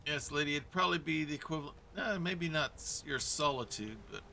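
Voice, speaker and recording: A man's voice: fairly high pitch, animated, a little fast, gravelly, sharp tone, a little hiss or hum. A man from Kentucky giving chatty let's-play commentary, role-playing his way through a fantasy game and chatting with viewers and characters. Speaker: gamer role-playing as himself.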